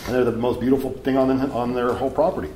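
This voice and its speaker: A man's voice: medium pitch, fairly even intonation, rapid-fire, dark tone, reverberant, a little hiss or hum, poor audio. A man giving a live seminar talk to an audience, casual and profane, telling stories as he goes. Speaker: seminar speaker.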